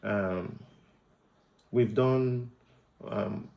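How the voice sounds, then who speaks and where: A man's voice: fairly low pitch, drawn-out words, vocal fry, roomy sound, dull audio. A Nigerian man hosting a devotional podcast, preaching about road safety and rejoicing, mixing Pidgin into his English with emphatic rises. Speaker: podcast host.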